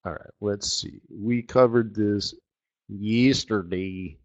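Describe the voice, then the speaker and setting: Excitable man hosting a live trading webinar. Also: medium pitch, a little slow. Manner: excitable, slangy, talks to viewers. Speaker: forex trading webinar host. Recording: slightly dull lo-fi audio.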